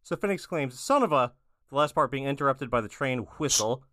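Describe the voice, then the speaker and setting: A man co-hosting a podcast, recapping a cartoon episode in relaxed, dry conversation. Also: mid-range voice, a little fast, no echo. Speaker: podcast co-host.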